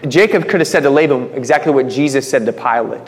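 A fast-talking man with a medium-pitched voice teaches a conversational Bible-study sermon. He speaks informally, restarts phrases, and calls his listeners "guys," with a long hall reverb on the recording.

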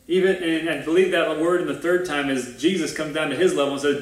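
A man preaches to his church in a loose, conversational style and acts out the voices of the people in his story. His voice sits a little high for a man. The sound is roomy and echoing, picked up from some way off the mic. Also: fairly even intonation, fast talker, hardly any pauses, fairly bright tone. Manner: conversational preaching, acting out dialogue. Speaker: pastor. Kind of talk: sermon. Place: church service hall. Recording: roomy echo, voice from a distance.

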